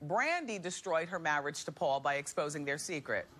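A talk show host from New Jersey with a deep, expressive voice chats animatedly at a moderate pace, laughing often. She offers gossip commentary in a studio with an audience, and background noise can be heard.

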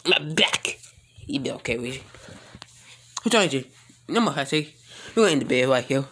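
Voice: mid-range voice, lively intonation, brisk, sharp tone. A speaker improvising a plush toy role-play in a rambling, mumbly way, full of slang and filler sounds.

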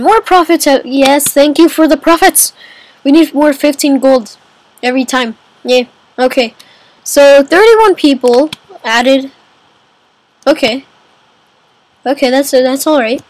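A woman's voice: high-pitched, low-quality recording. A woman giving casual let's-play commentary on a kingdom game, chatty and exclaiming, calling everyone man and dude. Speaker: gamer playing a kingdom game.

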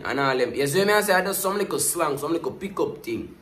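A Jamaican man giving casual commentary as he reacts to a music video. He talks in patois, keeps looping back to the same catchphrase refrains, and stays animated throughout. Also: medium pitch, quick pace, hardly any pauses, reverberant.

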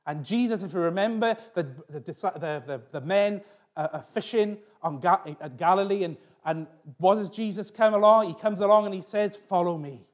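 A man's voice: high-pitched, moderate pace. A middle-aged man preaching a sermon as pastor, telling a personal story with restarts and asides.

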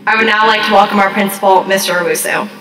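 A woman's voice: medium pitch, fairly even intonation, fast talker, background noise. A young woman in her late teens, the class treasurer, politely reading a formal introduction at a graduation. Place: large graduation ceremony. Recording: roomy, distant, faint ambience.

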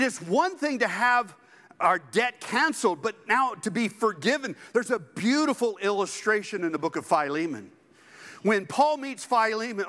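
Male preacher, high-pitched and emphatic, sermon with a long church-hall reverb. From Southern United States. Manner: animated, emphatic preaching with joking asides. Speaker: pastor. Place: church sanctuary.

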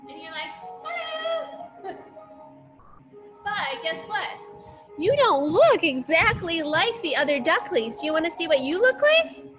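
A woman's voice: very high voice, sing-song, moderate pace. A woman leading small children through a dance class, telling a playful story with movement cues. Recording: echoey room with faint music.

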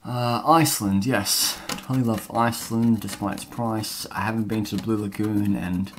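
A man's voice: lowish voice, fairly even intonation, normal speed, slight background noise. A man vlogging casually as he scratches off a map, rambling and chatty with lots of fillers. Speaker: travel vlogger.

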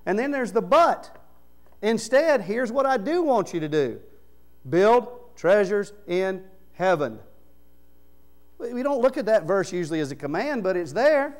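A man preaching a sermon in a church, his voice sitting a little high for a man. He talks like he is chatting with the congregation, dropping to soft murmurs and then rising loud for emphasis. A faint electrical hum runs underneath. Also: big pitch swings, measured pace. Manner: conversational preaching, swings from low murmurs to loud raised emphasis. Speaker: pastor. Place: church sanctuary.

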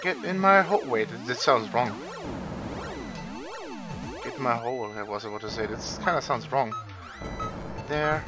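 A man's voice: mid-range voice, a little slow, long pauses, music in the background. A man playing through a retro game, who yelps, swears and talks back at the screen, then gives a rambling wrap-up full of restarts. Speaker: gaming channel host. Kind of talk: let's play commentary.

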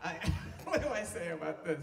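Giggly high-voiced man on an echoey stage. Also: big pitch swings, moderate pace, gravelly. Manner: giggly, breaks into laughter. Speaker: guest on stage. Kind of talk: live comedy banter. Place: large theater before a live audience. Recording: echoey, far from mic, crowd.

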